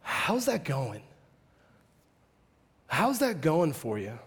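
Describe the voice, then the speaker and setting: A middle-aged male pastor preaching a casual, joking sermon that swings from quiet reflection to loud, emphatic bursts. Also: a little high, wildly swooping pitch, drawn-out words, breathy edge.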